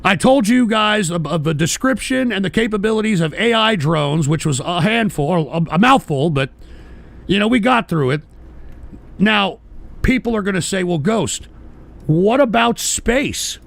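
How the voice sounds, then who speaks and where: A man's voice: sits high, expressive, moderate pace, creaky. A man hosting a live-streamed talk show, swearing at trolls and reading chat messages in a rambling, exasperated way. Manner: rambling with restarts and shouted outbursts. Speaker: host.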